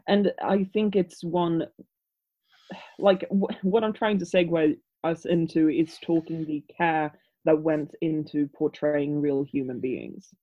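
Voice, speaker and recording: A woman's voice: deep voice, fairly even intonation, slow pace. A European woman speaking English as a second language, chatting casually as a podcast co-host, rambling with frequent restarts. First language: not English. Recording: slightly dull lo-fi audio.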